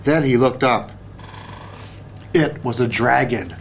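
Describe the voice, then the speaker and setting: A man reading a children's story aloud, slow and deliberate. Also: medium pitch, vocal fry, slight background noise. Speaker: narrator.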